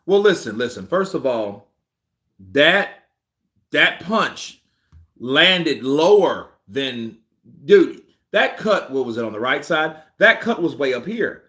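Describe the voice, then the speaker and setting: Animated, bright-voiced male boxing commentator. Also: on the high side, takes it slowly. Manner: excitable, repetitive, thinks aloud. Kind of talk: ranting livestream commentary.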